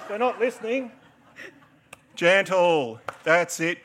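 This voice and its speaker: An Australian man in his forties talks to a live audience from a stage, his voice sitting a touch high for a man. He tells a story, cracks jokes and coaches the people up front through a dance. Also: normal speed, a little hiss or hum. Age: 40s. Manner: joking, storytelling, instructing a crowd. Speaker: dancer and performer.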